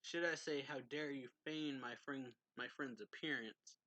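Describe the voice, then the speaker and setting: A man reading a calm, stoic young woman mage's lines in a flat, even voice close to his own, slightly raised. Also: mid-range voice, measured pace, no echo, lo-fi sound.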